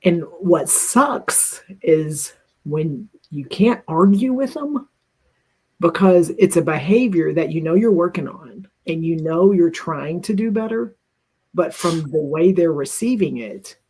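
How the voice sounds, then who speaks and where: A woman's voice: lowish voice, animated, measured pace, a little mellow, husky. A middle-aged woman co-hosting a talk, telling a personal story in an earnest, reflective way and often restarting her sentences.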